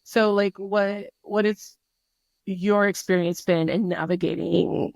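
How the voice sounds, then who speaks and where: A woman's voice: mid-range voice, fairly even intonation, takes it slowly, creaky, a little mellow, no echo. A woman talking as a podcast guest in casual chat, candid and chatty, cursing freely and circling back on herself. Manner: candid, chatty, swears freely, many fillers and restarts.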